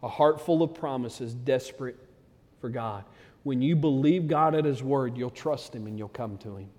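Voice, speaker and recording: A man preaching a sermon, talking plainly to his flock, then building to loud, excited peaks. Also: medium pitch, moderate pace, in a large hall. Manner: conversational preaching that swells to loud, excited climaxes. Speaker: pastor.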